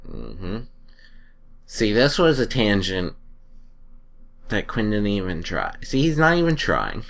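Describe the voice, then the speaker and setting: A man's voice: fairly low pitch, wildly swooping pitch, takes it slowly, vocal fry, fairly bright tone. A young man co-hosting a podcast in casual chat, joking and rambling about tangents, laughing often. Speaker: podcast co-host.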